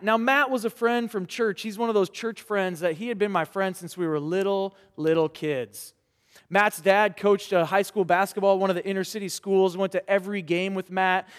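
A man preaching a sermon to young people, earnest and rhetorical, with dramatic pauses. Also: sits high, clean tone. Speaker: pastor. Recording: reverberant hall.

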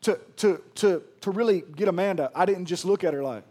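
A man preaching a sermon as pastor, casual and conversational, swinging from loud emphasis to hushed, quiet lines. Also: sits high, fairly quick.

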